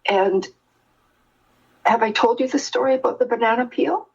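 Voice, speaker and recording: An older woman speaks with a slightly husky, breathy voice as she tells a personal story in earnest. She restarts her sentences often and grows animated as the story builds. The sound is muffled and lo-fi. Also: a little high, moderate pace. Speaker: guest sharing her experience.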